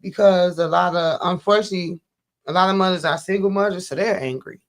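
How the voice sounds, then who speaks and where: A man hosting a radio talk show, animated and opinionated in casual conversation. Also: high voice, fairly quick. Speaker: host.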